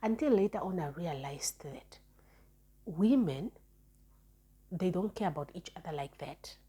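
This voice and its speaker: A young woman talks through a personal story in a relaxed vlog monologue. Her voice sits low, dark and mellow, with a very husky, breathy grain. She is frank and chatty, often stumbling and repeating words as she restarts. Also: a little slow. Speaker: storytime vlogger.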